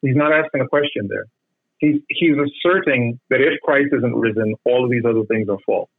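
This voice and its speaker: Brief: male Bible study teacher, husky and dry, muffled phone-like sound. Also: mid-range voice, dry recording. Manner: measured, explanatory, repeats words when correcting.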